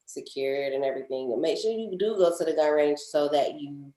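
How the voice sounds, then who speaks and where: Southern woman co-host, lowish voice, animated and laughing, roomy echo. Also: fairly quick. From Georgia, US. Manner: chatty, laughs often, animated storytelling. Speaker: podcast co-host. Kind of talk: casual chat.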